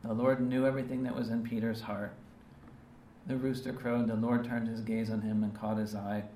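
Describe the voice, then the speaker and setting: A man's voice: on the low side, little pitch movement, normal speed, mellow, a little hiss or hum. A man preaching a sermon in an earnest, emphatic way, often checking in with his listeners through short rhetorical questions. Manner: earnest, emphatic, with frequent rhetorical "right?" and "okay?" tags. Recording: roomy, distant mic with faint ambience.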